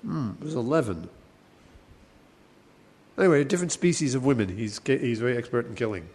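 A man teaching a class on verse, thinking aloud with many restarts and chanting lines slowly. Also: medium pitch, expressive, a little mellow, breathy edge. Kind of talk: class lecture on Sanskrit poetics.

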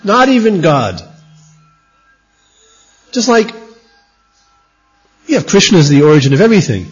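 A man with a husky, slightly high voice gives an emphatic scripture lecture, his pitch rising and falling a lot as he hammers home his points. The recording is dull and lo-fi. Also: huge pitch swings, a little slow. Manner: emphatic, repeats key points. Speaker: religious teacher.

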